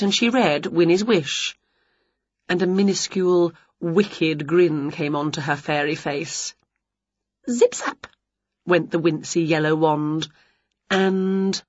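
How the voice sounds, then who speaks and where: Breathy, slow woman reading a picture book. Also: fairly low pitch, dry recording, highs cut off. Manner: expressive, playful, acts out sounds. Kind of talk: storybook read-aloud.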